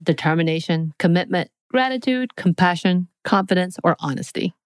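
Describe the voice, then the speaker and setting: A woman's voice: on the low side, lively intonation, normal speed, clean tone, no room sound. A woman co-hosting a podcast in casual chat, playfully joking as she reads quiz questions aloud. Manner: playful, jokey, reads out lists. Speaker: podcast co-host.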